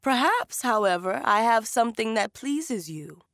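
A woman voicing an elderly market woman who speaks in a knowing, gently scolding way in a storybook reading. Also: fairly low pitch, slow pace, gravelly, no echo, studio quality.

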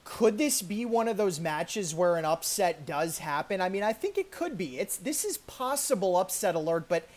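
Speaking at a normal pace with few pauses, a woman with a fairly low, sing-song, slightly mellow voice co-hosts a tennis podcast. Her casual sports talk is conversational, with many fillers and restarts.

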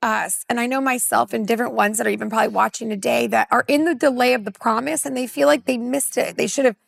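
A woman in her forties from California, a women's pastor, telling a personal testimony in an earnest, animated way during a panel conversation. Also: fairly high pitch, quick pace, vocal fry, no room sound, clean studio sound. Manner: earnest, animated storyteller who acts out dialogue.

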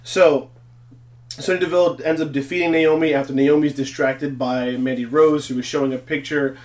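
Guy recapping wrestling, kinda high voice, jokes a lot. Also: normal speed. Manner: joking, animated, laughs often. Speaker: podcast host.

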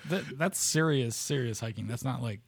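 A man's voice: medium pitch, moderate pace, creaky, slightly rough. Easygoing man laughing between questions. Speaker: podcast co-host. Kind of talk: casual chat.

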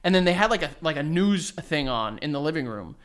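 A young man co-hosting a podcast, telling stories in an animated way and acting out other people's voices. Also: on the high side, fairly quick. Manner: animated storyteller, acts out voices. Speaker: podcast co-host. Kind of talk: casual chat.

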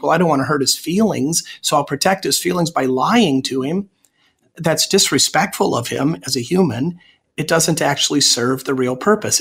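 A man's voice: a little high, fairly bright tone, slightly rough. A man, a Lutheran pastor, answering radio interview questions in an earnest, plain-spoken way and explaining with examples.

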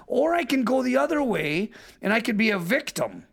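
A middle-aged man talking bluntly in a casual chat, telling stories with swearing and quick impressions of other people. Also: very high-pitched, vocal fry, slightly rough. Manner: blunt, profane storytelling with lively impressions.

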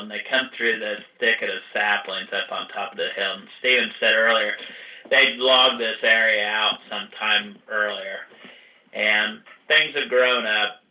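A man's voice: lowish voice, bright, forceful tone, echoey room. Distant-sounding man recounting a hunt. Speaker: guest hunter. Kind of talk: casual storytelling.

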